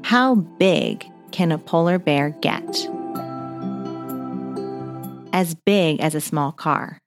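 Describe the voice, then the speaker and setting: Woman, low-pitched, very slow, gentle children's mindfulness guide, soft music behind. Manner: gentle, leads breathing and movement exercises. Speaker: host of children's mindfulness podcast.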